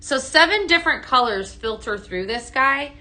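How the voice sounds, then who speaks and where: A woman's voice: high voice, lively intonation, normal speed, bright, forceful tone, slight background noise. A woman hosting a live home-fragrance sales stream, chatty and full of ums and okays, greeting viewers by name while demonstrating products.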